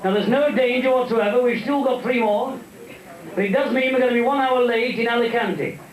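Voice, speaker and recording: A man voicing a calm airline pilot making cabin announcements in a stand-up joke. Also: very high voice, fairly quick, far from the mic, voice pushed up. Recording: echoey live venue.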